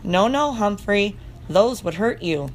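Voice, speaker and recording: A woman voicing a kind young schoolgirl who speaks softly and soothingly to a pet in a storybook reading. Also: mid-range voice, expressive, slow, a little hiss or hum. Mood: gently firm.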